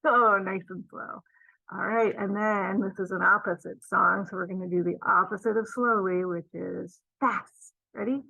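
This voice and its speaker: A woman leading a children's storytime, gently encouraging kids and singing along. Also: mid-range voice, steady tone, moderate pace, creaky, dry recording, muffled recording.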